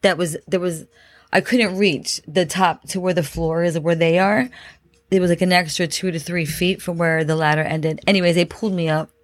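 A woman's voice: lowish voice, steady tone, normal speed, no room sound. A woman host telling a dramatic personal story, repeating phrases and using many fillers. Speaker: podcast host.

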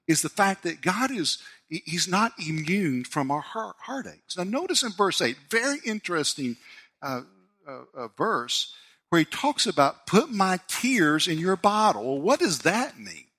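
A man, preaching a sermon as a pastor and telling a personal story with animated delivery. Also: husky. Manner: storytelling, animated, voice rising high when excited.

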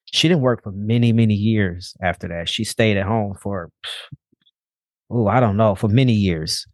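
A man's voice: on the low side, normal speed, dry recording, studio quality. A young man speaking as a podcast guest, telling a personal story bluntly and casually, with frequent swearing.

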